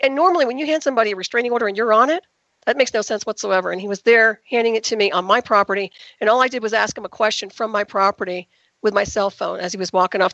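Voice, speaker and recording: A woman with a slightly high voice talks very fast as a guest on a radio interview. Her delivery is emphatic and indignant. The recording is dull and lo-fi, with a dry, close sound. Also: fairly bright tone, dry recording.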